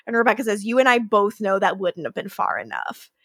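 A woman's voice: medium pitch, sing-song, fairly quick, a bit bright, slightly rough, no room sound, studio quality. A woman co-hosting a podcast, recapping a show in casual chat, swearing and acting out scenes with bursts of laughter. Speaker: podcast co-host.

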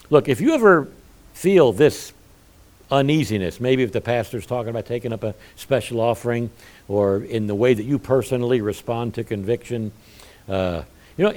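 Animated man preaching a sermon. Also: medium pitch, moderate pace. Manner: animated preaching with folksy asides. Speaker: pastor.

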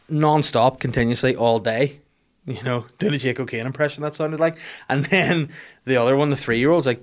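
A man's voice: mid-range voice, fairly even intonation, a little fast. Man telling stories. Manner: swearing, self-deprecating, acts out voices. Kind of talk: casual storytelling monologue.

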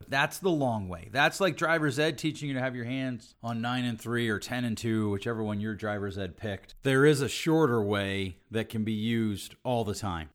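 A middle-aged man and relationship coach giving an earnest teaching talk that he fills with sample dialogues. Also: mid-range voice. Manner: earnest, explains with example dialogues.

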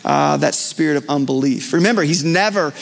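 A man's voice: a little high, a little fast, vocal fry, faint music behind. A male pastor preaching a live sermon in a church, earnest and conversational with frequent fillers and restarts. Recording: long church hall reverb.

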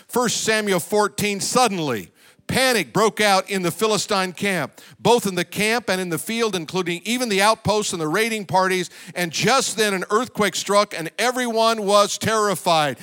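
A man preaching a sermon as pastor of a church. He swings between loud, high exclamations and low, quiet asides. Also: normal speed.

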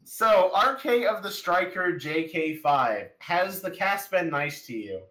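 A podcast host in casual chat who reads questions and cracks deadpan jokes. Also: medium pitch, takes it slowly. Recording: echoey room.

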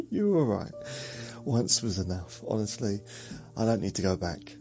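Low gravelly man, rambling. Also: sing-song, measured pace, dark tone, soft background music. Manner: meandering, self-mocking, chuckles at himself. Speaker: podcast host. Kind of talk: rambling sleep podcast monologue.

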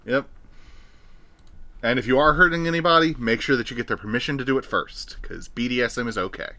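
Bright-voiced joking man. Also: mid-range voice, dry recording. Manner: joking, quick bursts of laughter. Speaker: podcast co-host and game master. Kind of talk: casual chat.

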